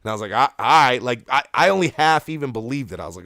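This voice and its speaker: A man's voice: on the high side, big pitch swings, a little fast, sharp tone, dry recording, clean studio sound. Profane rambling man telling a story. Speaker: podcast co-host. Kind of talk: casual storytelling.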